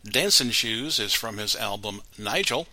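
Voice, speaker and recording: A man's voice: lowish voice, lively intonation, unhurried, bright, forceful tone, no echo, low-quality recording. Dry-witted male music show host. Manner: wry, sarcastic asides. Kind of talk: casual scripted music show hosting.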